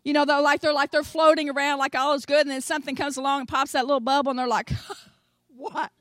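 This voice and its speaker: Older tennessee lady preacher, high bright voice, tells stories and acts out all the voices. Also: fast talker, no echo. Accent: Southern US, Tennessee. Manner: animated storytelling, acts out voices, swings from soft asides to loud exclamations. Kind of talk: sermon.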